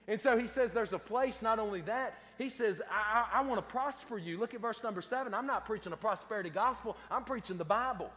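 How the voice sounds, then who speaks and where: A man's voice: very high-pitched, brisk, hardly any pauses, pushed and bright. A man preaching a sermon in a folksy, repetitive way, with stammered restarts and plain country grammar. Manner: folksy, repeats words, Southern-style grammar. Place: church sanctuary. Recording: long reverb in a hall.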